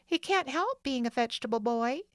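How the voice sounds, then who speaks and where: A woman voicing a gentle, kind older sister in an audiobook, speaking quietly and softly. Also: high voice, lively intonation, normal speed, no room sound, clean studio sound, pitched above the performer's own voice. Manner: quiet, soft. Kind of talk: audiobook character voice.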